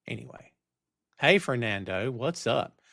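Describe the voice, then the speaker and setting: Here a middle-aged podcast host with a medium-pitched voice and some vocal fry talks a little slowly while animatedly ranting on his live wrestling talk show and reading chat comments aloud. He records on camera at a home studio with headphones and a studio mic, in dry, studio-quality sound.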